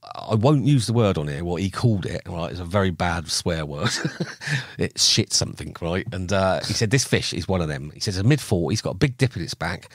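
A middle-aged man with a low voice that swings widely as he tells his stories. He slips into the voices of the people he quotes and laughs often. The sound is dry and close. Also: lively intonation, fairly quick, no room sound. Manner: chatty, acts out quoted dialogue with laughs. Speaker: podcast guest, carp angler. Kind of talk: casual storytelling.

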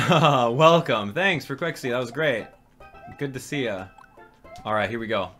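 A young man hosting a gaming channel, giving excitable, jokey live commentary and reading out and answering viewers' chat as he plays. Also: medium pitch, a little slow, faint music behind.

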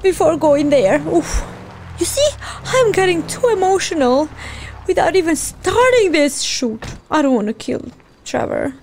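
A woman's voice: very high-pitched, very animated, a little slow, a little mellow, a little hiss or hum. A woman hosting a gaming channel, commenting on a game in an emotional, teary, laughing way. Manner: sing-song, teary, laughing.

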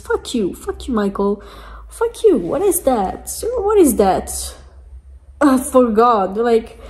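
A woman's voice: mid-range voice, darkish tone. A woman vlogging from home, ranting angrily with lots of swearing and emphatic repeats. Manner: angry, profane, emphatic ranting. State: angry. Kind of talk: ranting vlog chat. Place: lying down at home.

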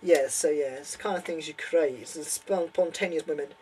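A man's voice: on the high side, brisk, warm tone, breathy edge, rough recording. Young man, vlogger, casual chat to camera, rambling, hesitant. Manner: rambling, hesitant, lots of fillers.

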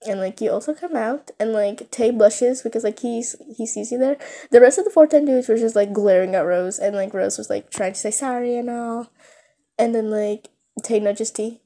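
A woman casually narrating a fan story to the listener in a chatty, filler-heavy way. Her voice sits a bit high and she giggles between lines. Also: normal speed, mellow.

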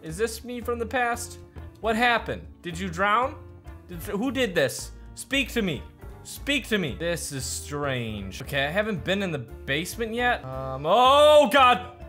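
A man's voice: high voice, sing-song, measured pace, sharp tone, faint music behind. A man giving panicky, joking commentary over a game he is playing. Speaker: gaming YouTuber. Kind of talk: let's play commentary.

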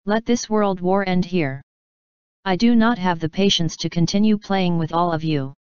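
A woman's voice: fairly low pitch, normal speed, a little mellow, clear, resonant tone, no echo, dull audio, close to an everyday voice. A woman reading as an icy, aloof ice mistress. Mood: cold. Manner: cold, emotionless delivery. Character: aloof icy female ice master, distant and cold.

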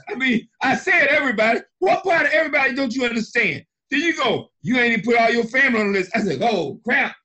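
A middle-aged man on a conference call, emphatic and animated, often repeating himself. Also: very high-pitched, fast talker, hardly any pauses. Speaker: senior partner and mentor. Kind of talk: excited conference-call praise.

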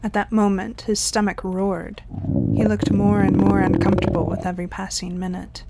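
A woman's voice: mid-range voice, flat delivery, normal speed, very noisy. A woman narrating an audio story, reading the dialogue in lightly varied voices.

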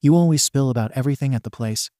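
A man's voice: medium pitch, rapid-fire, warm tone, dry recording, clean studio sound, close to an everyday voice. A man voicing a cheerful, teasing teenage girl in a storybook reading, with light and bubbly delivery.

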